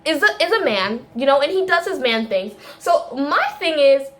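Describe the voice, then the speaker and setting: High-voiced woman ranting casually. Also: moderate pace. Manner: rambling, animated, many restarts and tangents. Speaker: video creator. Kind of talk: casual film rant.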